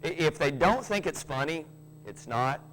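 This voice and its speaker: A man's voice: on the high side, expressive, normal speed, a bit bright, a little hiss or hum, low-quality recording. A man preaching a sermon, folksy, with joking asides and frequent restarts. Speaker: pastor.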